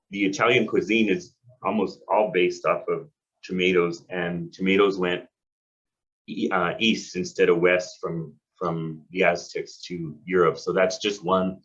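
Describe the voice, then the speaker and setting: A man delivers a public lecture in a very low-pitched voice. He explains at a steady pace and often stops to restart a phrase. The recording sounds dull and lo-fi. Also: measured pace.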